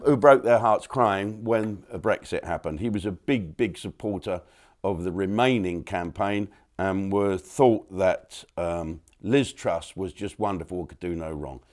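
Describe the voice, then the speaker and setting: A man's voice: on the low side, darkish tone. A man hosting his own channel, talking through a rambling comic monologue with digressions and mock outrage. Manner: chatty, digressive, with frequent restarts and mock outrage.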